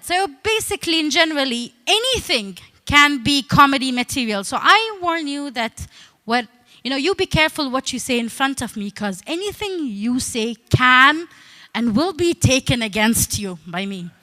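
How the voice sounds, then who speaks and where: A woman's voice: high voice, sing-song, moderate pace, bright, forceful tone. A woman from the Emirates, giving a humorous stage talk as a comedian and storyteller in a playful, teasing, conversational way. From United Arab Emirates.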